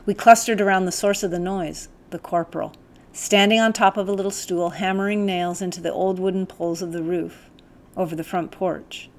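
Woman, audiobook narration, calm, measured, gently instructive, somewhat low voice.

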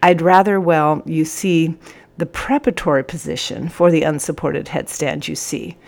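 A scheming young man in a storybook, pleading and groaning with a strained, raised voice, as a woman reads him out. He talks loudly and wheedles to get his way. The narrator's tone stays a little low underneath. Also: fairly even intonation, normal speed, creaky. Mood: sheepish. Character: scheming young male yoga student, whiny and stubborn. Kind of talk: storybook reading.

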